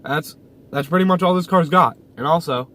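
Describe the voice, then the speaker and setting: A man's voice: fairly high pitch, normal speed, noisy background. A young man chatting casually in a car vlog, rambling with lots of fillers and repeated phrases, recorded by a camera on the dashboard inside his parked car. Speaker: YouTuber. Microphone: camera mounted on the dash.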